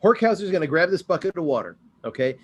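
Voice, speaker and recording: A man playing a tabletop game, joking and animated as he describes his moves and rolls. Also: fairly high pitch, fast, husky. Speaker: player. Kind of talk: casual tabletop play.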